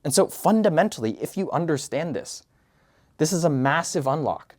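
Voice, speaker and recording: A man's voice: fairly high pitch, expressive, normal speed, darkish tone. A man talking straight to camera with casual advice on sounding confident. He explains his points in a structured way and demonstrates tones as he goes. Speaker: YouTube creator giving career and communication advice.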